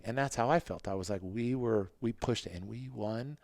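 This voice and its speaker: Gravelly low-voiced man telling stories. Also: moderate pace, hardly any pauses, dry recording. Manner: animated, acts out quotes in a higher voice. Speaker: podcast guest, former motocross racer. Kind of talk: casual interview storytelling.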